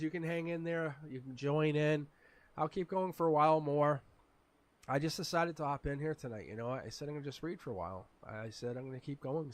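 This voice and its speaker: Raspy man, tarot reader on a live stream; animated, chatty, laughs often. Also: fairly high pitch.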